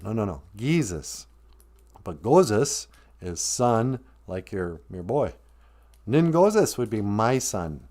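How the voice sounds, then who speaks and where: A man's voice: fairly low pitch, big pitch swings, slow, a little mellow. A man from northern Minnesota hosting a live stream, teaching words and joking playfully as he goes. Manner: playful, joking, laughs often. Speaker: language and culture teacher, host.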